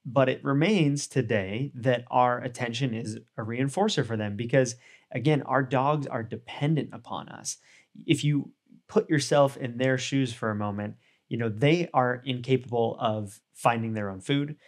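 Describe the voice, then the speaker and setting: A man explaining dog training in a relaxed, conversational way, often adding "you know" and "right?" as he works through everyday examples. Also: mid-range voice, normal speed. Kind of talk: casual instructional talk.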